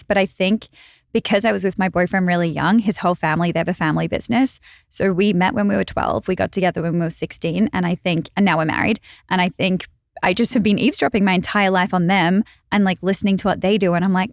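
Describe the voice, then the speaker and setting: Young aussie woman, lowish voice, dry close sound, chatty storyteller. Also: vocal fry, dry recording. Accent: Australian. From Australia. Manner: chatty, storytelling, quick asides. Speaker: guest, brand founder. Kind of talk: casual chat. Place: podcast studio.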